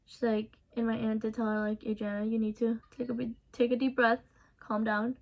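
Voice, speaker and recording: A young woman in a casual storytime vlog, recounting events softly with many ums and restarts. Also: a little high, little pitch movement, fairly quick. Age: young adult. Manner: casual, soft-spoken storytelling with many fillers. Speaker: vlogger.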